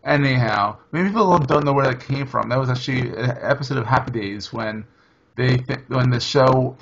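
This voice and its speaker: Gravelly-voiced chatty podcast host man. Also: mid-range voice, normal speed, a bit bright, muffled recording, slight background noise. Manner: rambling, chatty, self-correcting. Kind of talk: casual chat.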